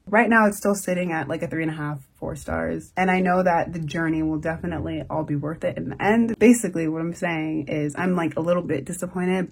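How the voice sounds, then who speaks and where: A woman's voice: low voice, slightly rough. A young woman filming a casual book vlog, gushing and emotional, often laughing as she talks. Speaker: book vlogger. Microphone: camera mic.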